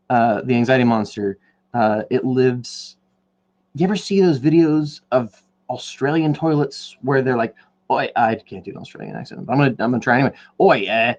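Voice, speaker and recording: A man hosting his own podcast talks loosely while he paints, wandering from thought to thought and poking fun at himself. His voice sits at an ordinary middle pitch. The recording is slightly muffled and lo-fi. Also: darkish tone. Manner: rambling, jokey, self-deprecating. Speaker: podcast host. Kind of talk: casual rambling chat while painting on a stream.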